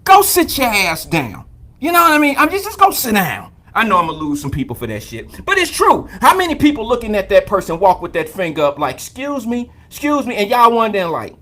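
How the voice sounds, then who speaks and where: Young male live-stream host, AAVE, high and very lively voice, profane, joking storyteller. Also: fairly quick. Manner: loose, profane, joking storyteller who greets viewers by name. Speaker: host of a live call-in drive-time show. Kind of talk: casual live-stream monologue.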